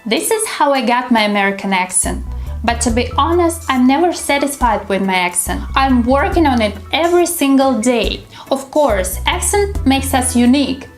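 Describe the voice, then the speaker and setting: A young woman with a Russian accent leads a pronunciation lesson, slowly and carefully drawing out each drill word. Her voice sits high and rings in a roomy, echoing space, with soft music underneath. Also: expressive. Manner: slow, careful articulation of drill words. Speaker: English teacher.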